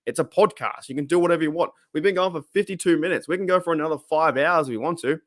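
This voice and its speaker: An Australian man hosting a podcast from his room alone, chatting in an excitable, rambling way and often laughing. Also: a little high, fast talker. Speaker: podcast host. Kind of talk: casual livestream chat.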